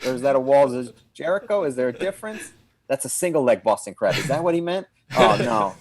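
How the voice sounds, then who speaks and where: A man telling a comic story in casual chat as a guest, with animated comic timing. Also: mid-range voice, fairly quick, a crowd in the background. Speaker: wrestling performer and guest.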